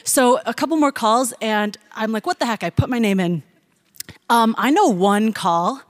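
A woman's voice: a little high, moderate pace. A woman telling a personal story in a chatty way, laughing often and using many fillers.

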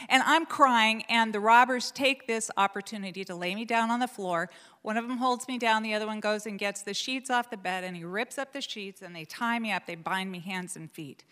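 A woman, from Portland, Oregon, tells a personal story in a fairly high, bright voice. She talks in an animated, self-deprecating way, full of fillers and restarts. Her voice rings with a long reverb, as in a hall.

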